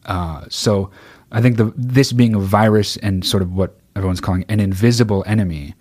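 Low-voiced man hosting a podcast, blunt and profane, rambling chat. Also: normal speed, a little mellow. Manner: swears constantly, rambling and blunt. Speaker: podcast host. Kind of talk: casual chat answering listener questions.

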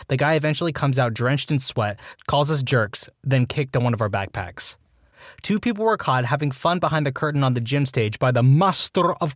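A man's voice: mid-range voice, dry recording, clean studio sound. A man reading out a string of short anonymous school stories as scripted narration, matter-of-fact with wry asides.

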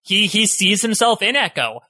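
Very bright, higher-voiced man analyzing on a podcast. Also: sing-song, normal speed, no room sound. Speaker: podcast co-host. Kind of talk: casual podcast discussion.

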